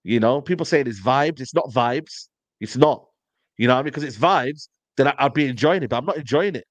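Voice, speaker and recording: A man's voice: mid-range voice, a little fast, no echo. A man, a panelist on a football fan show, talking in casual slangy banter and telling stories with lots of "you know what I mean".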